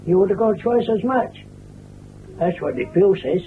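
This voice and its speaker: A man's voice: high-pitched, lively intonation, normal speed, a little hiss or hum. Older man, distant tinny film sound. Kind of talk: casual chat.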